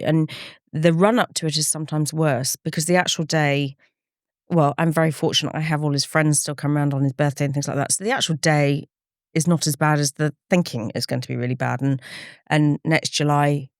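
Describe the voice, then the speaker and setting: Speaking with a slightly low, darkish voice, a middle-aged campaigner guest reflects earnestly on difficult memories during a candid interview, often quoting past conversations. The audio is close-miked and dry, with no echo or sense of a room.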